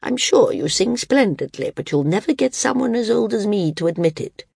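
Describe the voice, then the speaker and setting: A woman reading the part of a frail, dying old woman who speaks frankly, wearily and with quiet firmness. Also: mid-range voice, lively intonation, normal speed, vocal fry, slightly rough, no room sound, clean studio sound, pitched above the performer's own voice. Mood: wry. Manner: frank, weary, gently firm.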